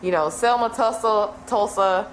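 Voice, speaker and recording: In an echoey room with a faint hiss, a woman co-hosts a casual podcast discussion. Her mid-range voice is a little slow, and she's emphatic, repeating phrases for effect.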